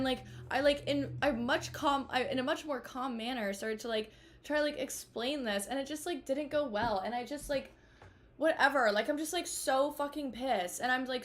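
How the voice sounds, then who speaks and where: A woman in her twenties, a streamer, venting to her chat in a rambling, exasperated way, full of fillers and swearing. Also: high voice. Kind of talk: casual live-stream venting. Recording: faint music behind.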